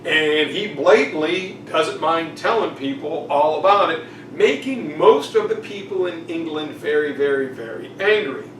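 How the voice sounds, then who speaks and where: A man's voice: fairly high pitch, animated, unhurried, hardly any pauses, a bit bright, reverberant, distant mic, a little hiss or hum, low-quality recording. A man teaching a casual exam review, jokey and chatty, acting out quotes. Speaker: history teacher.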